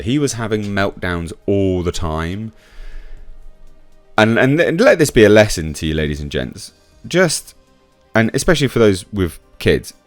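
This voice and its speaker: A very deep-voiced man talks through his commentary in a casual, sarcastic way, and his lively delivery leaps from low mutters to sharp high bursts. The recording is dry and close, with faint music underneath. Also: dry recording. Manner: sarcastic, chatty, swings from low mutter to sudden high emphasis. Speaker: YouTube commentator. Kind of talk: casual commentary reading quotes.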